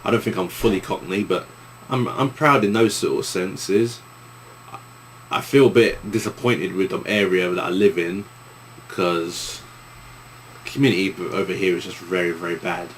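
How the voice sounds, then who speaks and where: Young East London man, deep voice, loose rambling vlog Q and A delivery. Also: steady tone, moderate pace, a little hiss or hum. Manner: rambling, with many restarts and fillers. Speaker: YouTuber answering viewer questions. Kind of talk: casual Q and A vlog.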